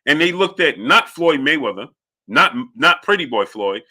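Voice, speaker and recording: A man's voice: fairly high pitch, sing-song, moderate pace, sharp tone. A man hosting a live-stream boxing show, talking emphatically, repeating his points and greeting chat viewers by name. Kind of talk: live-stream sports commentary.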